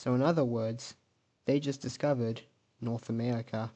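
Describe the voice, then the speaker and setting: A man's voice: medium pitch, steady tone, moderate pace, mellow. A man casually narrating an alternate-history map video, thinking aloud and correcting himself as he goes.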